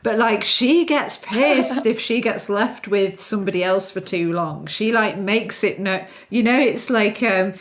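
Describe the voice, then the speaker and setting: A woman hosting a podcast interview, relaxed and conversational, asking follow-up questions. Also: mid-range voice, a little slow, hardly any pauses. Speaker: podcast host.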